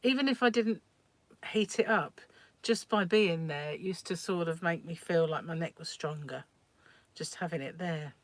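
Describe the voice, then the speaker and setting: Chatty woman with a lower voice. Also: moderate pace, no echo. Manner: chatty, rambling, laughs often. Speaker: crochet livestream host. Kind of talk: casual chat reading viewer comments. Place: home.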